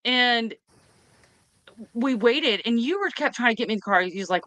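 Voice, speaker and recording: A woman, hosting a casual chat and retelling a story in an excited, rambling way. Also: on the high side, a little fast, long pauses, no echo. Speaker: host.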